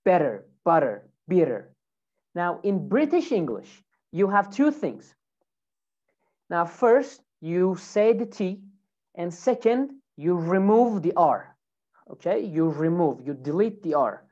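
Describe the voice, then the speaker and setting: A woman's voice: lowish voice, animated, slow, warm tone, highs cut off. A woman teaching English pronunciation in a lesson, repeating example words over and over with exaggerated emphasis.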